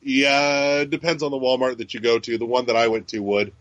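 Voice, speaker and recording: Speaking a little fast in a level, mid-range voice with a fairly bright tone, this man co-hosts a podcast. His casual chat rambles, includes swearing, and is full of fillers and restarts. The sound quality is dull and lo-fi.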